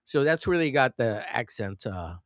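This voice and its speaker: A man's voice: medium pitch, moderate pace, no echo, studio quality. A man hosting a live comic-drawing stream, rambling casually and cracking crude jokes. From United States. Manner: rambling, crude joking, animated.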